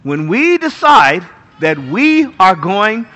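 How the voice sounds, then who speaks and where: A man preaching a sermon as pastor, animated and jokey, acting out little voices of pets and people. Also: sits high, slow pace, lo-fi sound.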